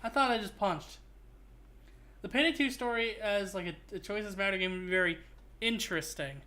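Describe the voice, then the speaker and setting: A male streamer chatting casually while playing, his voice bright and clear. He rambles in a joking way, often restarting his phrases mid-sentence. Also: sits high, moderate pace. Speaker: streamer host. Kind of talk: casual gaming stream chat.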